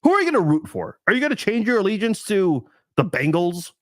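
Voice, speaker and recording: A man's voice: sits high, sing-song, fairly quick, a bit bright, dry recording. A man hosting a casual live stream chat, thinking aloud with lots of restarts and fillers.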